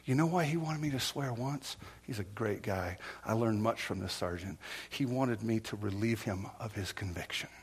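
A middle-aged man preaching a sermon as pastor, telling stories with restarts and repeated phrases, dropping to hushed near-whispers and then rising to loud, impassioned exhortation. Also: lowish voice, moderate pace, slightly rough. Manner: storytelling with repetitions and restarts.

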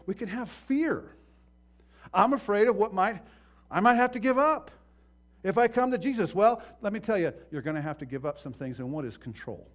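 A high-pitched man preaches a sermon as a pastor, impassioned and swinging between hushed and loud. He acts out the voices of characters in his stories.

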